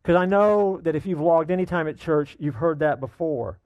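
Emphatic middle-aged pastor preaching. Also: male voice, a little high, moderate pace, darkish tone, no room sound, highs cut off. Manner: emphatic, repeats key lines for weight. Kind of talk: sermon.

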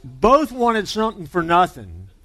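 A man's voice: high voice, huge pitch swings, unhurried, sharp tone, no room sound, soft background music. A man preaching a sermon as pastor, conversational and joking as he tells a story.

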